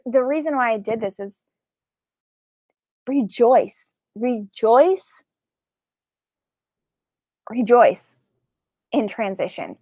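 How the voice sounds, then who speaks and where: A woman working as a psychic medium, talking casually and excitedly to her viewers, full of fillers and "like". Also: on the high side, no echo. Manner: chatty and excitable, many fillers and likes. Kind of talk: casual spiritual talk to camera.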